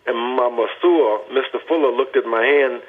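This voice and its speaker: An older man from Texas speaks earnestly and deliberately, leaning hard on his words as he tells his testimony. His voice is husky and of middling pitch. The sound comes through a thin, tinny phone line. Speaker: guest. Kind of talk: personal testimony storytelling.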